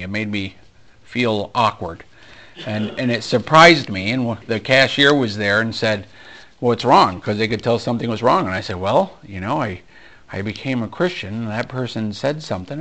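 A male pastor preaching a sermon, animated and storytelling, acting out conversations with frequent ums and restarts. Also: lowish voice, moderate pace. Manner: animated storyteller, acts out dialogue, many fillers. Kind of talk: sermon with personal stories.

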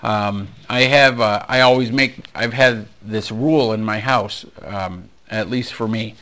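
Animated male pastor telling stories. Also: lowish voice, measured pace. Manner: animated storyteller, acts out dialogue, many fillers. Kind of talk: sermon with personal stories.

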